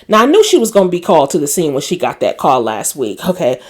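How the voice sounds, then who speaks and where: A woman's voice: sits low, sing-song, fast, darkish tone. A woman recapping a TV episode in a casual, chatty way, opinionated and exclaiming as she retells the scenes. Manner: voices quoted characters while retelling scenes. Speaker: recap vlogger.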